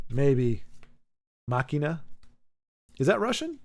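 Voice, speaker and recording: A man's voice: on the high side, lively intonation, normal speed, pauses often. Playful man chatting on a stream. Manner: playful, jokey, answers chat aloud. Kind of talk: casual live-stream chat.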